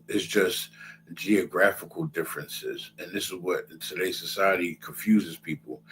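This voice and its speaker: A man with a low, fairly bright voice gives a casual scripture lecture, repeating himself conversationally and often asking his listeners "you understand?" The audio is poor, with slight background noise.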